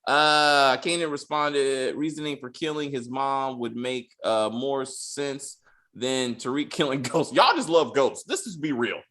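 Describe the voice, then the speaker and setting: A man hosting a casual TV recap chat, animated and profane, breaking into mock voices of characters. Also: medium pitch, measured pace. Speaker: podcast host.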